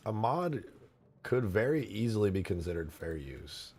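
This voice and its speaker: A young man live-streaming as a game modder, thanking viewers for tips, excitable and swearing, straining a tired voice. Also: on the low side, normal speed, husky, soft background music. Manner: excitable, swearing, laughing between lines.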